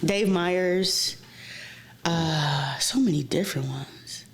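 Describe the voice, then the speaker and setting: A woman's voice: fairly low pitch, takes it slowly. A woman guest telling stories in casual chat, frank and profane, with lots of fillers, sometimes dropping to a near-whisper. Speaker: interview guest. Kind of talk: casual storytelling. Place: office.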